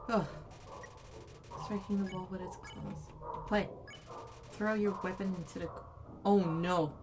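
Slow-talking young woman gamer. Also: fairly low pitch, fairly even intonation, background noise. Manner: reads on-screen text aloud between startled reactions. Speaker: let's play gamer. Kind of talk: let's play commentary. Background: game music.

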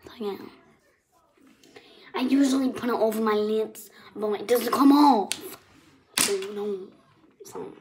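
A bratty, self-absorbed young vlogger girl, put on by a woman, whining and sulking in a petulant, clueless way. Her voice sits a little high. She drags every word out slowly. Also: a little mellow, natural voice. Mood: whiny. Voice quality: whiny, petulant, deliberately clueless delivery. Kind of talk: comic character vlog.

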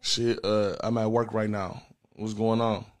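A man hosting a comedy call-in show, trading crude jokes with callers in a loud, profane, teasing way. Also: lowish voice, level tone, a little slow. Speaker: comedy show host taking calls. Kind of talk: crude joking banter with callers.

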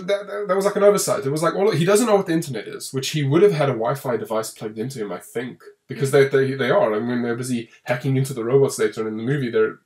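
A man rambles through a movie review, restarting his sentences and getting animated over plot holes. His pitch sits in the middle for a man, and he talks at an everyday pace. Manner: rambling, restarts often, animated when complaining. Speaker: podcast co-host reviewing a film. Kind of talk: casual film review chat.

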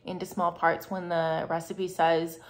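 A woman's voice: fairly low pitch, level tone, unhurried. A young woman vlogging casually while she cooks in her home kitchen, chatty, laughing often and fretting aloud. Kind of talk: casual chat while cooking.

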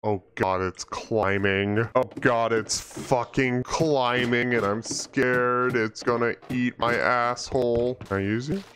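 A young man talks through a video game with crude, panicky, mock-grandiose commentary. He speaks at an unhurried pace in a mid-range voice. A faint hiss sits under the recording. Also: medium pitch, steady tone, fairly bright tone. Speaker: gaming YouTuber. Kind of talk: profane gameplay commentary.

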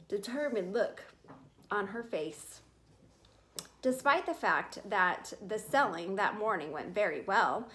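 Lady reading a kids chapter book out loud, steady voice, faint background noise. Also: medium pitch. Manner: clear, steady storytelling. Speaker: reader.

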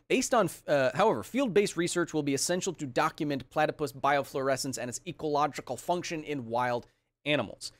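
On a casual science livestream, the young male host speaks with a fairly high pitch in a dry recording. He's lively and playful, reading out viewers' comments and joking his way through explanations of terms.

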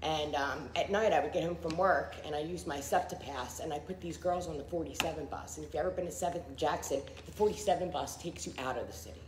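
A woman's voice: low voice, quick pace, hardly any pauses, roomy sound, noisy background. A middle-aged woman giving a candid personal recovery testimony, full of fillers and acted-out quotes. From Philadelphia area. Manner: candid, frequent fillers, acts out quoted people.

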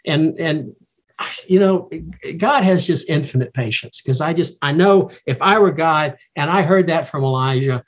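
Man, Bible study teacher, husky voice, slightly high pitch, reflective and halting.

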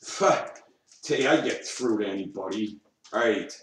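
A man's voice: lowish voice, expressive, unhurried, far from the mic. A man rambling and swearing to himself at home, grumbling and talking to his dog. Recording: echoey room, off-mic, faint noise.

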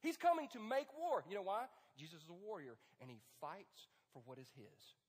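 A man preaching in a high-pitched voice, swinging between quiet asides and loud, punchy emphasis. He jokes with his congregation as he drives his points home. The sound carries the long reverb of a large hall. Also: normal speed, slightly rough. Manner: animated, joking, preaching to men. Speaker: pastor. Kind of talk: sermon.

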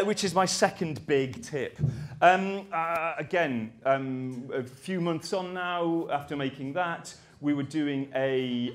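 A man giving a conference talk, rambling and self-deprecating, with jokey asides. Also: fairly high pitch. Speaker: conference speaker.

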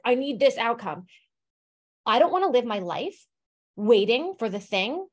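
A woman career coach hosting a live group session over a video call. She talks in a loose, chatty way, dropping "like" and "you know" as she goes. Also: mid-range voice.

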